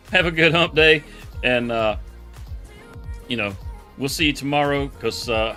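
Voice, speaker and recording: A man hosting a live stream, chatting casually in a relaxed, rambling way and laughing often. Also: mid-range voice. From Texas. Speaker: livestream host.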